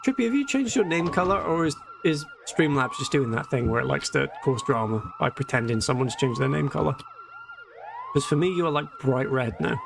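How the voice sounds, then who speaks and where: Gravelly joking man streaming a game. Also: on the high side, noisy background. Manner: joking, rambling, reads game text aloud. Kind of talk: casual live-stream gameplay chat. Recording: game music and siren alarm behind.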